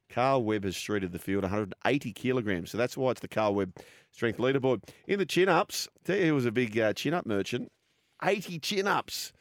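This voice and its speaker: An Australian man co-hosts sports radio, his voice sitting low in pitch. He chats casually about the game and slides into read ad copy. The studio sound is dry and close. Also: no room sound. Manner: chatty, reads ad copy between banter.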